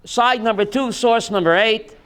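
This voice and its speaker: A man teaching a lively Torah class as a rabbi, asking his listeners questions and mixing in Hebrew terms. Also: high voice, moderate pace, smooth. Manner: animated, asks the audience questions, mixes Hebrew terms.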